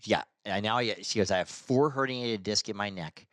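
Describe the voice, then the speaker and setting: A man's voice: on the low side, moderate pace, a bit bright, dry recording. Man telling a rambling story, dry sound. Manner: rambling anecdote, acting out what others said. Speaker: podcast co-host. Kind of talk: casual storytelling chat.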